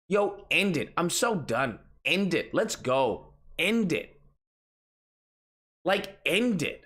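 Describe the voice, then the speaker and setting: A man's voice: on the high side, sing-song, takes it slowly, a bit bright. A man hosting a political commentary stream, ranting in an exasperated, mocking, profane way.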